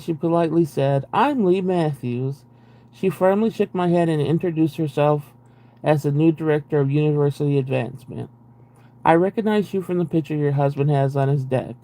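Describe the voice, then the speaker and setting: A man's voice: a little high, dark tone. A young man on a live stream reading a book aloud and breaking off into profane, exasperated, sarcastic commentary. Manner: profane, exasperated, sarcastic asides between read passages.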